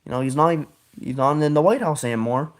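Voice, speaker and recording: A man's voice: fairly high pitch, quick pace. A man hosting a podcast, talking in a casual, opinionated monologue that rambles, stalls and corrects itself. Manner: rambling, with frequent restarts and self-corrections; opinionated, politically outspoken. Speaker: podcast host.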